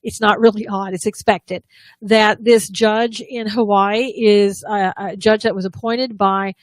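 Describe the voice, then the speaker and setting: A woman's voice: medium pitch, steady tone, measured pace, no echo. A woman co-hosting a live political talk show, giving opinionated commentary with frequent restarts and sarcastic asides.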